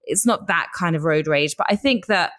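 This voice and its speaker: A woman with a fairly low voice speaks in a casual conversational chat. She sounds relaxed and reflective and lets her asides stretch out. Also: normal speed.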